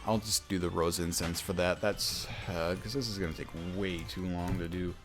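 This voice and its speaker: Deep, gravelly young man rambling while gaming. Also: steady tone, moderate pace. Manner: rambling, self-interrupting, lots of fillers and restarts. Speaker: gaming YouTuber. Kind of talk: casual let's-play chat with storytelling. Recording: faint background game music.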